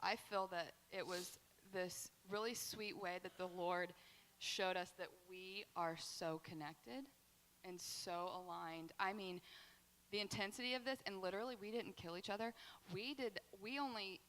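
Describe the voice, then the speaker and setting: Bright-voiced woman pastor in echoey hall. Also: mid-range voice, steady tone, measured pace, a little hiss or hum. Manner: heartfelt and candid, with many fillers. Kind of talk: candid testimony at a church Q&A. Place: church hall. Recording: long hall reverb.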